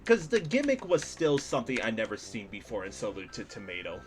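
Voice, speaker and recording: A young man streaming, casually reviewing game levels with lots of laughter and swearing. His voice leaps up high when he gets worked up. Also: a little fast. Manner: animated, jumps into high excited pitch when ranting; swears casually, speaks to chat, laughs often. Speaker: streamer judging a level design contest. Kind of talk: casual gaming stream commentary.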